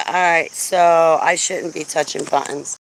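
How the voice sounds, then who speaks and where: A woman's voice: lowish voice, slow, a bit bright, slight background noise. A woman vlogging outdoors while walking her dog, rambling through a story in a blunt, chatty way on a handheld phone. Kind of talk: casual rambling chat.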